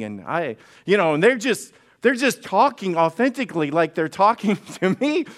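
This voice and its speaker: A man's voice: high voice, sing-song, normal speed, hardly any pauses. A male pastor preaching a sermon in a conversational, humorous way, often restarting and repeating words. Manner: conversational, frequent restarts and repetitions; humorous storytelling.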